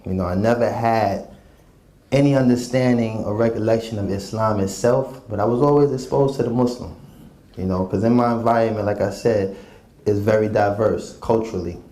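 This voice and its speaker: A man recounts his story in a laid-back, reflective manner, peppering it with fillers. His voice is lowish and mellow. It carries a roomy echo with faint ambience behind it. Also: moderate pace. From New York City. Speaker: guest, former rap artist.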